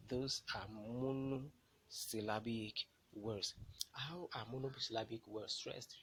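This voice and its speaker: A man's voice: mid-range voice, a little slow, a little hiss or hum, poor audio. A man teaching a lesson, explaining step by step and stressing key words. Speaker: English language teacher. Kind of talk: classroom lecture.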